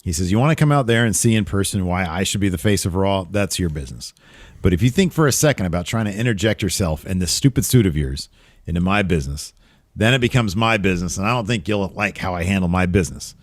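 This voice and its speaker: A man's voice: sits low, animated, fast, no echo. A man co-hosting a podcast, giving an opinionated casual recap of a wrestling show, often trailing off and restarting.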